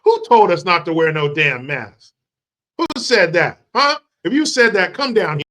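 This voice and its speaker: A man with a high, bright voice rants his way through a commentary, sarcastic and crude. He picks fights with every point and swears freely. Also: very animated, moderate pace. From United States. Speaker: commentary channel host. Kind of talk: profane ranting commentary.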